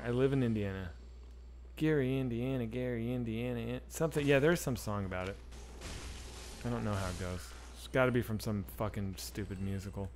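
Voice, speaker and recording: A man in his forties, mid-range in voice, streams a video game and chats loosely with viewers, swearing along the way. A little hiss or hum runs through the recording.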